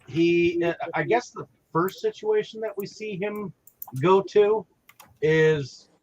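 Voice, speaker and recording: A man co-hosting a casual movie discussion podcast, talking in halting bursts with many restarts. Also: high-pitched, dull audio. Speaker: podcast co-host.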